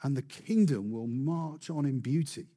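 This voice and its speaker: A man preaching a sermon with animated, building emphasis and rhetorical questions. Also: mid-range voice, measured pace, breathy edge.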